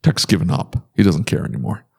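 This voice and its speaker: A man's voice: low-pitched, quick pace, gravelly, husky. A man on a podcast, telling stories in casual chat with exaggerated outbursts. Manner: animated storyteller, exaggerated outbursts. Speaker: podcast guest.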